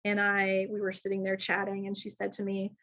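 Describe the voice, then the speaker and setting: A woman's voice: mid-range voice, a little fast. A middle-aged woman, a speech pathologist giving a conversational presentation full of anecdotes, chatty and often restarting her sentences. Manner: chatty, lively, frequent restarts and self-corrections. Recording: dull lo-fi sound.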